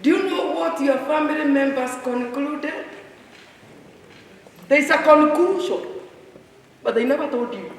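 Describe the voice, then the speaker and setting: Animated woman lecturing a hall. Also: high voice, unhurried, pauses often, a little hiss or hum. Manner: animated, teasing, quizzes the audience. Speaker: speaker at a staff retreat. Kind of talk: lively motivational workshop talk. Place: large hall with an audience. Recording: echoey hall, distant mic.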